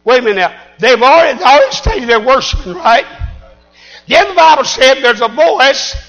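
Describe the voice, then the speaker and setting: A man preaching a sermon, shouting in call-and-response style. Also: very high voice, expressive, normal speed, gravelly, lo-fi sound, faint music behind.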